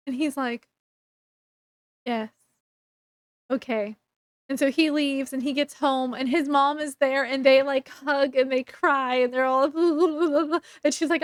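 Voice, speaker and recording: A woman's voice: sits high, fairly even intonation, slow pace, no room sound. A woman book reviewer casually recapping a story, chattily retelling scenes in quoted dialogue.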